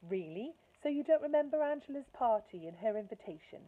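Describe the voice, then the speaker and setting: A woman's voice: on the high side, animated, a little fast, voice pushed up. A woman voicing a stern, no-nonsense mother who speaks firmly and dryly, heard through a tinny phone-like line. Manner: firm, dryly sarcastic.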